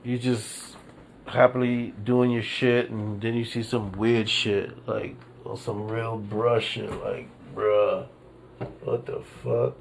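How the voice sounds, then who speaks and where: A man with a lowish, level, creaky voice hosts a casual solo podcast over a little hiss or hum. He rants in disbelief, dragging out his emphasis while swearing and rambling, leaning heavily on repeats and fillers.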